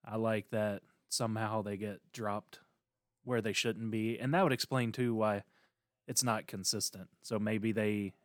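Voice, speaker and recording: A man co-hosting a podcast, joking and rambling through casual chat. His voice sits at an ordinary pitch. It sounds dry and close, with little room echo. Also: fairly even intonation, a little slow. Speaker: podcast co-host.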